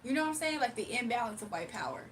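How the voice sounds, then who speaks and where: Young woman on a livestream, kinda high voice, laughing and chatting with viewers, bit far from the mic. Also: sing-song, racing, slight background noise. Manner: playful, laughing, talks to chat. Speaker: livestream host. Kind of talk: casual livestream chat.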